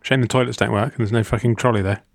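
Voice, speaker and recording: A man's voice: mid-range voice, steady tone, very fast, creaky, dry recording, clean studio sound. Jokey rambling British man. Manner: rambling, jokey, laughs through his lines. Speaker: podcast co-host. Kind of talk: casual chat.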